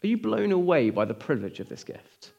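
Man, preacher, sermon, earnest, rhetorical questions, emphatic then hushed. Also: sits high, big pitch swings, a little fast, vocal fry, husky, muffled recording. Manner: swings from emphatic to hushed, near-whispered lines.

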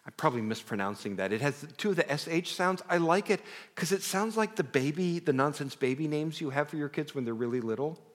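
A man's voice: on the high side, animated, fairly quick, hardly any pauses. Earnest middle-aged male preacher in a reverberant hall. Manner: conversational, earnest storytelling with self-deprecating asides. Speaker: pastor. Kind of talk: sermon. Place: large hall before a congregation.

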